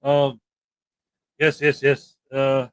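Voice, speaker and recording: A man's voice: medium pitch, very slow, clear, resonant tone. A young man hosting a livestream, telling stories in a casual chat and acting out the quotes. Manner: animated storytelling, acts out quotes. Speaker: livestream host.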